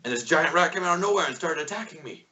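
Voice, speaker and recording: A man voicing a frightened, grateful old male gnome who pleads in a high, breathless voice. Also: animated, quick pace, pushed and bright. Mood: shaken. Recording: dull lo-fi sound.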